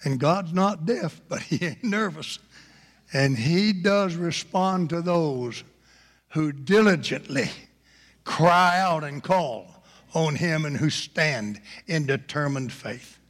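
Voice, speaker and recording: A male preacher delivering a storytelling sermon with animated delivery and bursts of shouting. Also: on the high side, takes it slowly. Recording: reverberant hall.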